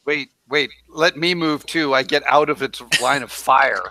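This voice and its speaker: A man talking as a player at a tabletop game, quick and playful in his banter. His voice is bright, recorded close and dry. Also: fairly high pitch, fairly even intonation, dry recording, low-quality recording.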